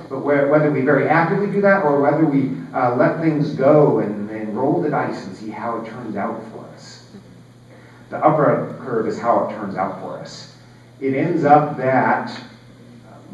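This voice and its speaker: A man's voice: mid-range voice, slight background noise. A man in his forties giving a conference keynote, talking conversationally with lots of fillers and wry asides. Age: 40s. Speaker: keynote speaker, geological scientist. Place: large hall. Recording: echoey hall, distant and dull.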